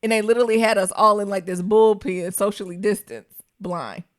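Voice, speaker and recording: Woman, podcast co-host, casual chat, animated, comic storytelling. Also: medium pitch, a little fast, no room sound, clean studio sound.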